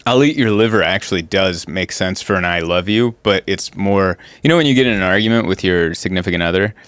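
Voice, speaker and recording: A man's voice: sits low, brisk, clean tone, no room sound. A man in his thirties hosting a casual comedy podcast, telling stories and laughing often. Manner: laughs often, animated storytelling.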